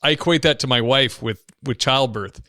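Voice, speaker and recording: A man in his thirties hosting a casual interview podcast, an animated storyteller who acts out the lines he quotes. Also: mid-range voice, moderate pace, no echo, studio quality. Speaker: podcast host, former police officer.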